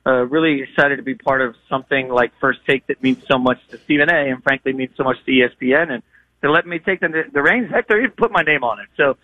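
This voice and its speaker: A man hosting a sports radio show, talking in a fast, energetic, casual way. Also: medium pitch, dry recording, phone-quality sound. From Nashville, US South.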